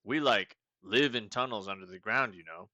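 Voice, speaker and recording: A man's voice: fairly low pitch, moderate pace, sharp tone, dry recording. A man voicing a small, furry, laid-back stoner meep from a burrow, drawling and tossing in "like" and "you know" as he plays a game. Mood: mellow, friendly.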